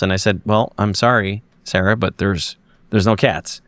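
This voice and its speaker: A man's voice: on the low side, moderate pace, dry recording. A man, a podcast guest, telling a personal story casually and acting out the dialogue as he goes. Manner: animated storyteller who acts out the dialogue. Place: lives in Montreal.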